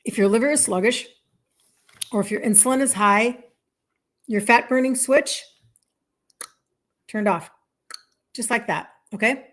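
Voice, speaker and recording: Chatty, higher-voiced woman coach in her fifties. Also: measured pace, long pauses, a bit bright. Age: 50s. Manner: chatty and emphatic, repeats herself, many fillers of "like". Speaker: health coach. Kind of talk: casual live-stream talk to viewers.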